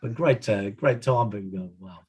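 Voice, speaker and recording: A man's voice: fairly low pitch, normal speed, a little mellow, slightly rough. An Australian man in his fifties, a former footballer on a podcast, telling rambling, chuckling stories with many restarts. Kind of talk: casual storytelling.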